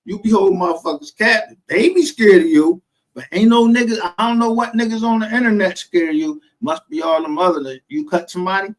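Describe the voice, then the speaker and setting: In a rough recording, a man with a Texas accent tells stories in casual conversation, his voice high-pitched and fairly quick. He's animated, peppering his tales with profane street slang and acting out what other people said.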